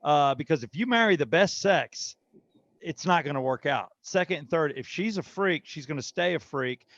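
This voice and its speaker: A middle-aged man, a guest comedian, telling bawdy stories in a brash, animated way. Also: a little high, moderate pace, dry recording, dull audio. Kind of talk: casual storytelling.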